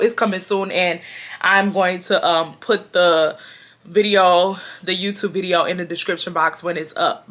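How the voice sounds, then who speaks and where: A young woman, chatting casually as a vlogger and telling a story in an animated, slangy way. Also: mid-range voice. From Houston, Texas. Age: 20s.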